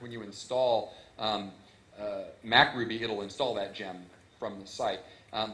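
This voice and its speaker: A man giving a relaxed, enthusiastic technical talk at a conference, explaining things step by step. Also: on the low side. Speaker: conference speaker. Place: conference hall. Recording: echoey conference hall.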